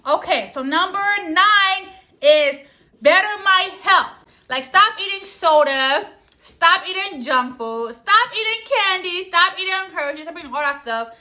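A young woman vlogging about her New Year goals in a chatty, animated way, full of slang and asides to her viewers. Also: very high voice, a little slow. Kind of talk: casual chat to camera.

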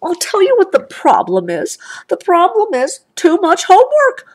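A woman's voice: high voice, big pitch swings, slow pace, voice pushed up, full character voice. A woman voicing a whiny young boy bear in a storybook read-aloud.

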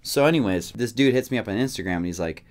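A male guitarist chatting in a casual vlog, his voice sitting a little low. He talks in loose slang and jokes, leaping up in pitch when excited and dropping back to low asides. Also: fast talker. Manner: slangy and jokey, with big swings up and down in pitch.

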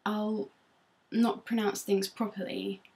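A young English woman with a soft Norfolk accent talks casually to her computer webcam from a room at home. Her voice sits at an ordinary middle pitch. She rambles self-consciously and fills the gaps with frequent ums. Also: flat delivery, takes it slowly, creaky. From Norfolk, England. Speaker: beauty vlogger. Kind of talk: casual chat to camera.

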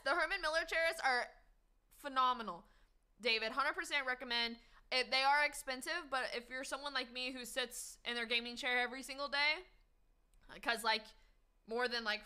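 A woman with a high, sharp, bright voice hosts a casual live stream. She is upbeat and slangy, thanking viewers one after another. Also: normal speed, pauses often, smooth.

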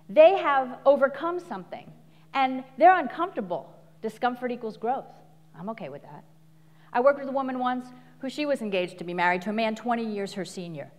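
Lively middle-aged woman in a reverberant hall. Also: on the high side. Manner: animated, laughs often, acts out quotes. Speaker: speaker and coach. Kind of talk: live inspirational talk with stories. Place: large venue before an audience.

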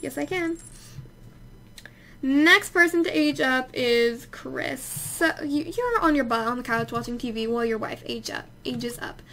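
A woman's voice: sits high, measured pace, fairly bright tone, a little hiss or hum. A young woman chatting casually while playing a life-sim game, exclaiming and scolding the characters. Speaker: let's play host. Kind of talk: casual gameplay commentary.

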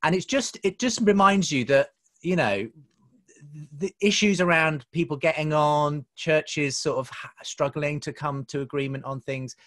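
A man's voice: fairly high pitch, unhurried, a bit bright. A man chatting casually as a church leader, thinking aloud with small restarts. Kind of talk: casual chat. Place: church service.

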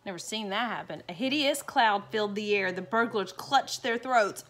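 A woman's voice: medium pitch, normal speed, a bit bright. A woman reading a picture book aloud to children, playful and chatty, stopping for asides.

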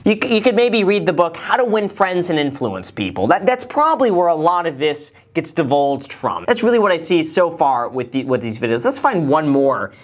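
Animated man giving joking reaction commentary. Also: on the high side, moderate pace, hardly any pauses. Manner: animated, joking, mocking asides. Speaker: host, finance YouTuber.

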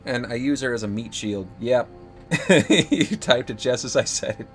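A man's voice: mid-range voice, unhurried, faint music behind. A man live-streaming a video game, talking through his play in an exasperated, jokey way.

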